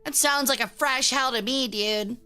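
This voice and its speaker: Woman streamer, high bright voice, playful cursing banter, faint music behind. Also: moderate pace, clean tone. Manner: playful, profane banter, teasing chat. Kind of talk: casual live-stream chat with viewers.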